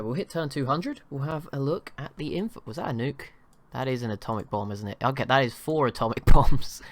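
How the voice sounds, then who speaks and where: A young man giving casual commentary on a strategy game, rambling and often correcting himself. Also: medium pitch. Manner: rambling, self-correcting, apologetic. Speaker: gaming channel host.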